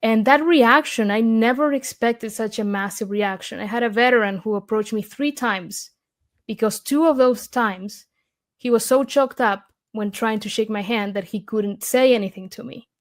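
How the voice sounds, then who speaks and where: A woman's voice: on the high side, moderate pace. A woman from Argentina with an Argentine Spanish accent, a guest in an interview, telling a story eagerly with many fillers and restarts.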